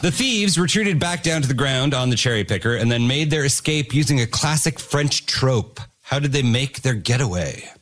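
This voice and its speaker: A man's voice: mid-range voice, expressive, normal speed, few pauses, a bit bright. A man hosting a comedy podcast quiz, reading trivia questions and enjoying the guesses. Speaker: quiz host.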